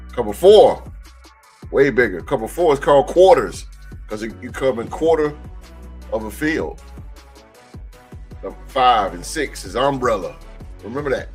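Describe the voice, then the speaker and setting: A man hosting a sports podcast live, chatting casually with his live chat in a relaxed, repetitive way, speaking. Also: mid-range voice. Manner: laid-back, repeats phrases, shouts out chat members.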